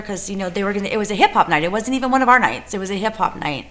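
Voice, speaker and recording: Bright-voiced woman, middle pitch, rambling casual storyteller in an interview. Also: animated, rapid-fire. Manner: rambling, full of fillers and self-corrections. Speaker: music venue co-owner.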